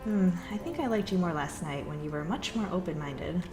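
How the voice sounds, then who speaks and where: A woman voicing a bold, sharp-tongued young heroine, earnest and teasing. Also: lowish voice, lively intonation, fairly quick, lightly acted. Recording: echoey room with music.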